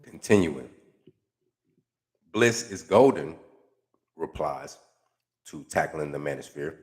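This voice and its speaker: In a bass voice, a male YouTube commentator takes his time, pausing often as he reads comments and mocks them. The talk is casual and profane, heavy on slang, sarcastic and animated.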